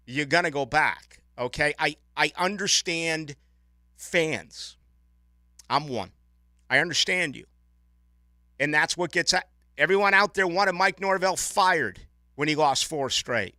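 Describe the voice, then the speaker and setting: A man hosts a late-night sports radio show, ranting in a lively, opinionated way. His voice is very bright and a touch high for a man. The studio sound is close and dry. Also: dry recording. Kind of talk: casual radio chat. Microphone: studio microphone.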